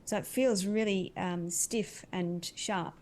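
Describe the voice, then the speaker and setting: A woman's voice: medium pitch, steady tone, takes it slowly, darkish tone, slight background noise. A woman acting as an animal communicator, describing intuitive visions in an earnest, dreamy, winding way.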